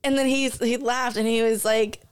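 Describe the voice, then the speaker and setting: A sarcastic woman co-host chatting on a podcast, her voice smooth and clear, recorded close and dry with no room sound. She tells stories with lots of laughter. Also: fairly high pitch, steady tone, moderate pace, no room sound. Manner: sarcastic, storytelling, laughs often. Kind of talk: casual podcast chat.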